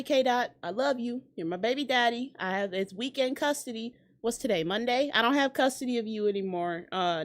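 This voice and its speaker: A woman hosting a casual reaction commentary, sarcastic and profane, tossing out quick asides. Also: on the high side, fairly bright tone. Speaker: commentary host.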